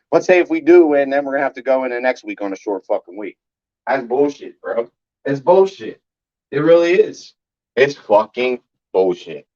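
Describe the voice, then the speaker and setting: A man's voice: mid-range voice, darkish tone, lo-fi sound. A man, angrily ranting on a live stream as a sports fan and swearing often. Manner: angry, profane ranting.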